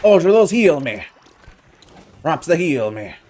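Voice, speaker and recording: A man narrates his game in casual let's-play fashion, joking with his viewers as he goes. His pitch swings widely from line to line, keeping the delivery lively and animated. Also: unhurried, soft background music. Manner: playful, jokey, talks to the viewer. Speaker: gaming video host.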